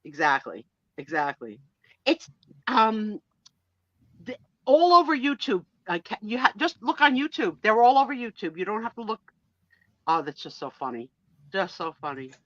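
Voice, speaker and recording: A woman in her sixties hosting a casual live-stream chat, talkative and quick to laugh. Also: medium pitch, no room sound, lo-fi sound. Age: 60s. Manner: chatty and animated, laughs easily. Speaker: host.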